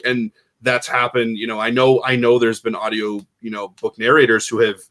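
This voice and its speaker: A man's voice: mid-range voice, level tone, normal speed, fairly bright tone. A man co-hosting a casual panel chat, rambling and full of "you know" and "like".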